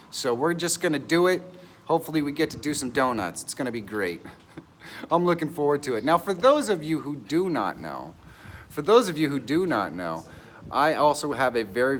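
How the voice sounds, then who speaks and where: An excitable middle-aged man hosting a live stream from an outdoor pavilion, greeting viewers by name and laughing often, a bit nervous. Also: mid-range voice, slight background noise. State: nervous and stressed.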